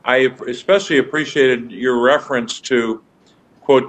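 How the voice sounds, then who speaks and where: A man, a senator joining remotely, making formal, deliberate remarks to a nominee at a hearing. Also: medium pitch, fairly bright tone, poor audio. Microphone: remote video link.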